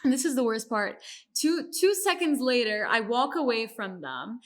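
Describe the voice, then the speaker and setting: A woman's voice: fairly high pitch, normal speed. A young woman from Lebanon, a podcast guest, telling a story in casual chat and acting out the people she quotes. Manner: animated, acts out quoted voices.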